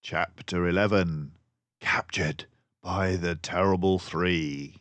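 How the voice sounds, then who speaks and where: Older male reader for a children's book, low and slow, lifts his voice for action. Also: steady tone, a bit bright, no echo. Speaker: storybook reader. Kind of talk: reading a children's book aloud.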